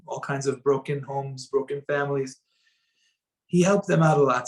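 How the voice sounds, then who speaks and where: A man giving a spoken Torah lesson, telling stories and acting out the quoted voices with sudden swings between loud and soft. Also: mid-range voice, low-quality recording. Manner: animated, acts out quoted voices with sharp rises and drops in loudness. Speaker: rabbi teaching a Torah lesson.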